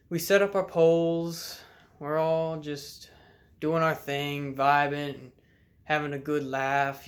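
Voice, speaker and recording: In his messy bedroom, a young man with a fairly high voice chats to the camera about a fishing outing. The laid-back drawl gives way to loud yelled bits whenever he acts something out.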